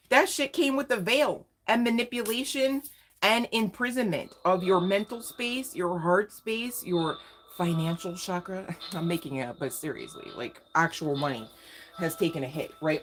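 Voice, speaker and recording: Slangy low-voiced woman reading tarot. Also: fairly bright tone. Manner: slangy, emphatic, talks straight to viewers. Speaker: tarot reader. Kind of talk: casual live tarot reading. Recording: faint music in background.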